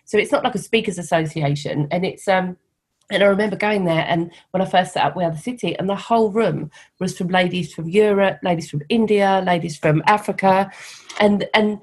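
In a conversational interview, a middle-aged guest who founded a women's network talks candidly in a softened Cockney accent from East London. She speaks briskly at a fairly low pitch, telling animated stories punctuated by laughter.

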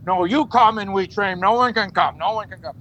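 A man's voice: sits high, a little fast, sharp tone, muffled recording, slight background noise, pitched above the performer's own voice. Brief: man impersonating a stern older trainer, clipped broken English. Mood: stern refusal. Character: stern older German dog trainer, curt.

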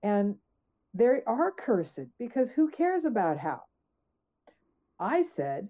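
A woman's voice: a little high, very animated, slow pace, long pauses. A woman guest author in conversational storytelling, emphatic, acting out her own questions. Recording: tinny phone-like line.

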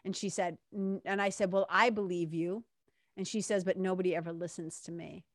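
A woman's voice: lowish voice, fairly even intonation, fairly quick, no echo, clean studio sound. Earnest woman telling a personal story. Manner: earnest, reflective, re-enacts quoted dialogue.

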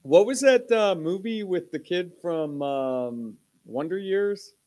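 A man co-hosting a podcast, joking and animated in casual chat. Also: high voice, slow. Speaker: podcast co-host.

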